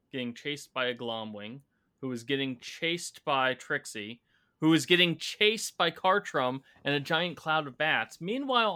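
A man recapping a tabletop campaign as its game master, a measured storyteller with a teasing edge. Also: on the high side, sharp tone.

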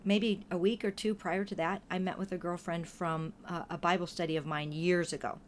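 A woman in casual conversation, telling stories in a lively way and acting out what people said. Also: on the low side, normal speed, a little hiss or hum. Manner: lively storytelling, acts out quoted voices. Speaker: podcast guest or co-host. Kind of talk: casual chat.

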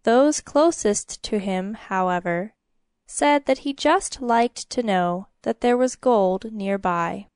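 A woman reads a fairy tale aloud in a steady, measured storytelling voice. Her pitch sits in an ordinary middle range. The recording is dry and close, with no room sound. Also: smooth, no room sound. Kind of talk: scripted storybook narration.

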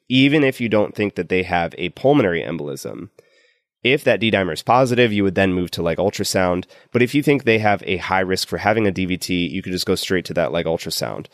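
Deep guy explaining clinical stuff on a med podcast, dry close sound. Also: no echo. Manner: explanatory, opinionated. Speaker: clinician co-host. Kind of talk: medical teaching podcast.

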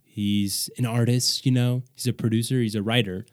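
A young man hosting a podcast, chatting casually and rambling with quick restarts. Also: medium pitch, steady tone, no room sound, clean studio sound. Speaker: podcast host.

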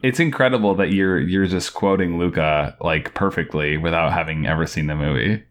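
A man's voice: low voice, normal speed. A man co-hosting a movie podcast, chatty and teasing in casual talk. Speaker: podcast co-host.

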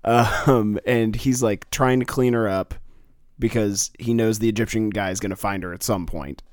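A man's voice: lowish voice, fairly even intonation, moderate pace, no room sound, clean studio sound. A man in casual chat, playful, trying out put-on accents and then giving up on them.

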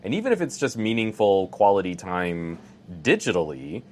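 Deep-voiced man with a radio-announcer delivery. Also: wildly swooping pitch, moderate pace. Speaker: podcast co-host. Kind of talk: casual tech podcast chat.

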